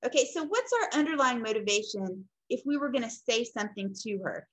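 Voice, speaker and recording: Lady teaching a class, kinda high voice, rambly and chatty, lots of ums. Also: lively intonation, fairly quick, a bit bright, rough recording. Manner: conversational, rambling with fillers and self-corrections. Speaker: instructor. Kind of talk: casual recorded lecture.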